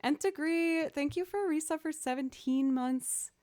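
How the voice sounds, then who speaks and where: A woman's voice: sits high, moderate pace, darkish tone. A woman livestreaming as a musician, chatting casually, thanking viewers and humming beats aloud. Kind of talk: casual live stream chat.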